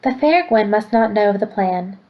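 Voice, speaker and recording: A woman's voice: medium pitch, lively intonation, moderate pace, highs cut off, lightly acted. A woman reading aloud, voicing a small, clever, bossy boy who talks in a formal, lofty way. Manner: precise, lofty wording.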